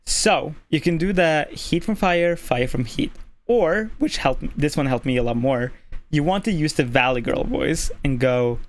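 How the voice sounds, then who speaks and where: A streamer from Norway with a male-sounding voice, casually explaining voice tips at a desk mic, keeping the voice relaxed and filling pauses with "like". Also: a little high. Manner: relaxed, deliberately easy on the voice, lots of "like" fillers. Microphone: desk microphone.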